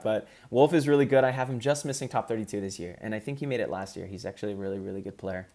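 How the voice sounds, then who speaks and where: A man's voice: on the low side, fast talker, warm tone. A man in casual commentary, ranking competitive gamers in an upbeat, chatty way with frequent ums.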